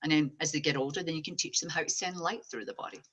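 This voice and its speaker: A woman, a psychic medium, chatting as an interview guest and telling stories in an animated way. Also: deep voice, quick pace. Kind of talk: casual interview chat.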